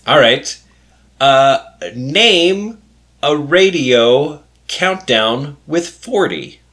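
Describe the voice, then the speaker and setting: A man in his forties hosts a quiz in easy conversation. He talks slowly and loosely, his pitch rising and falling a lot, and he laughs often. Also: animated, fairly bright tone. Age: 40s. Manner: slow, laid-back, laughs often. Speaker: quiz host. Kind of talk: casual podcast quiz chat.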